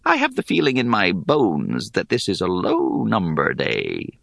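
A man's voice: low-pitched, wildly swooping pitch, measured pace, vocal fry, fairly bright tone, no echo, clean studio sound, full character voice. A man voicing an ancient bald hag who gambles on everything, talking in a lazy, sly drawl.

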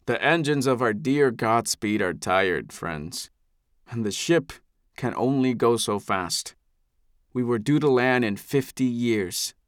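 A man voicing an older male ship leader in an audiobook, speaking in a grandfatherly, theatrical, deliberate way. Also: medium pitch, animated, smooth, dry recording, studio quality. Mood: grave. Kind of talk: audiobook character voice.

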